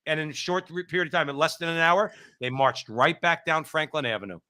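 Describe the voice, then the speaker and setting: A man in his fifties from New Jersey hosts a political talk show and tells his stories in an animated way. His voice is bright and sits a little high, and he loops back with repeats and asides. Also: brisk. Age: 50s. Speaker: host.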